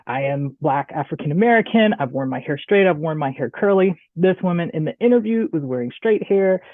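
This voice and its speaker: A woman with a Southern US accent giving a chatty, animated online presentation, often checking in with "right?". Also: fairly low pitch, dry recording. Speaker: guest speaker. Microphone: video call. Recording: tinny phone-like audio, dry.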